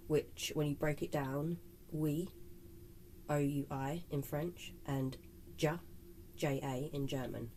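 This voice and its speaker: A woman with a low voice co-hosts a paranormal podcast, reading a scripted spooky story. Faint background hiss sits under her voice. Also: fairly even intonation, takes it slowly, long pauses, warm tone, poor audio. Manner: reads a spooky script, laughs often with co-host. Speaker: podcast co-host. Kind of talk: casual chat and scripted narration.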